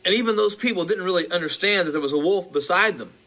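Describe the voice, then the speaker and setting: A male preacher recounting a vision, halting with restarts and building in intensity. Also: sits high, pushed and bright.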